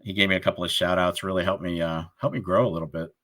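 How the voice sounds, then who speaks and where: A man's voice: sits low, level tone, very fast, fairly bright tone. Laid-back man telling stories. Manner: laughing storyteller, acts out the people in his stories. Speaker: livestream co-host. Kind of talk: casual chat.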